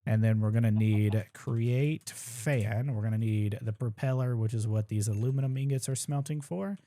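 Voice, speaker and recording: A young man at his computer at home, chatting through a game speedrun in a relaxed, thinking-aloud way. His voice sits at an ordinary middle pitch, and he drops dry little jokes at his own expense as he goes. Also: moderate pace, no room sound. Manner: casual, thinks aloud while playing, self-deprecating asides. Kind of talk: live gameplay commentary.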